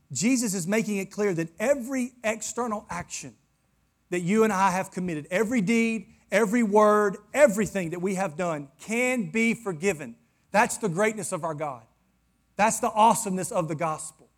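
A man preaching a sermon to his congregation, building from quiet reflection to fervent, emphatic exclamations. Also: high-pitched. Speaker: pastor. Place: church in front of a congregation.

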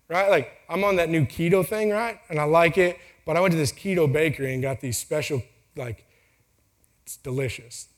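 A man in his thirties giving a casual talk to an audience, joking and acting out quotes in family stories. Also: fairly high pitch. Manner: joking, storytelling, acts out quotes. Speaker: speaker. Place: venue with a timer for speakers.

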